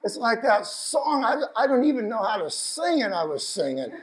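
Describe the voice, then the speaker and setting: A male preacher delivering an emotional sermon, moving from hushed reflection to fervent, raised exhortation. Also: very high-pitched, sing-song, normal speed, low-quality recording. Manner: passionate, building from hushed to shouting.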